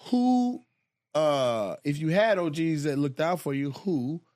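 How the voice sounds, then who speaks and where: Animated, lively-voiced comedian host. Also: male voice, on the high side, takes it slowly, dry recording, clean studio sound. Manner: animated, profane, laughing storyteller. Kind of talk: casual chat, comic storytelling.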